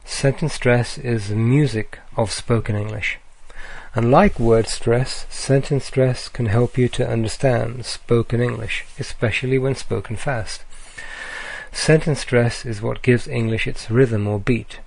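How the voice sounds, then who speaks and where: A man giving a recorded slide lecture, speaking deliberately with frequent ums and uhs. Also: medium pitch, steady tone, creaky, a little mellow.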